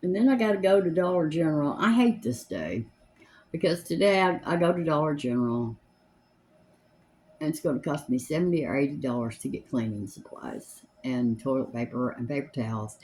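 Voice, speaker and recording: A woman's voice: low-pitched, expressive, moderate pace, darkish tone, slight background noise. A woman, chatting in a rambling, homespun way as she does her makeup at home. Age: 70s. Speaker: makeup vlogger. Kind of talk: casual chat while doing makeup. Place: home, seated in a chair.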